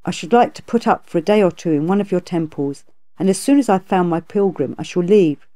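A woman voicing a calm, compassionate female bodhisattva in a storybook reading, speaking in a measured, gracious way. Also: lowish voice, close to an everyday voice.

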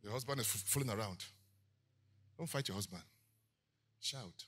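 A man preaching a sermon as pastor, moving between quiet teaching and loud shouted declarations. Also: lowish voice, normal speed, breathy edge.

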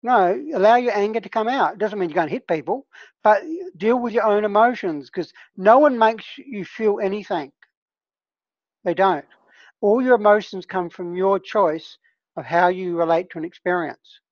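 A woman's voice: mid-range voice, normal speed, darkish tone, dry recording, lo-fi sound. A woman who trains healers, leading an online discussion group in a casual, earnest teaching tone and often checking in with her listeners.

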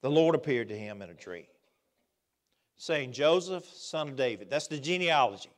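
A man preaching a sermon in a church, swinging between loud emphatic outbursts and quiet asides. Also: mid-range voice, expressive, normal speed. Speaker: pastor. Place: church sanctuary.

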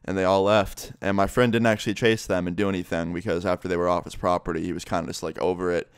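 A man's voice: deep voice, flat delivery, quick pace, clear, resonant tone, dry recording, studio quality. A young adult man vlogger telling a story in a blunt, casual way, full of swearing and "like".

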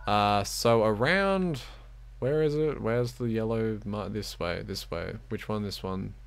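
A man's voice: fairly low pitch, a little slow, gravelly, clean tone. A young man giving giggly, self-mocking live-stream commentary as he plays a game, talking to the screen.

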